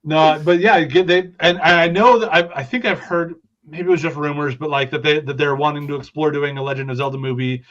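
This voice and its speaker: A man's voice: on the high side, fairly even intonation, brisk, few pauses, fairly bright tone, highs cut off. A man guesting in a casual panel chat, agreeable and often trailing off as he talks. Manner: agreeable, many affirmations, trailing off.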